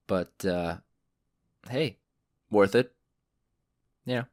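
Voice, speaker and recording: A man's voice: fairly low pitch, big pitch swings, slow pace, pauses often, no room sound, studio quality. A young adult man hosting a solo podcast, telling stories in a profane, ranting way. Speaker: podcast host.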